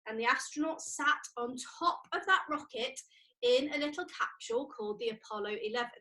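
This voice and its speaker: A woman's voice: high-pitched, fairly quick, pushed and bright. A young woman leading a cheerful, sing-song video lesson for preschool children, counting along with exercises. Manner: cheerful, sing-song, leads physical activities. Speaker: preschool educator.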